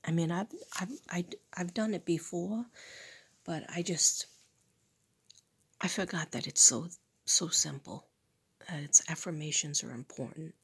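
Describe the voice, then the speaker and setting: Losing her voice, a middle-aged woman speaks in a hoarse, breathy half-whisper, slightly low in tone and husky. She's a spiritual teacher and channel host, talking slowly, casually and gently while repeating affirmations in a soft, unhurried way.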